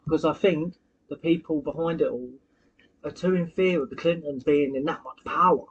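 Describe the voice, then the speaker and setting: A man's voice: a little high, normal speed, slightly rough, highs cut off. A young man, insisting on his theories in casual podcast chat, swearing along the way. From United Kingdom. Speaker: podcast co-host.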